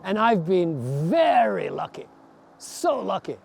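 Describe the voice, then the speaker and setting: A man in his sixties telling his story in an earnest, reflective way, slowing down to stress his words. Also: high voice, sing-song, vocal fry, breathy edge. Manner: earnest, slow, emphatic. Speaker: adventurer recounting a long walk.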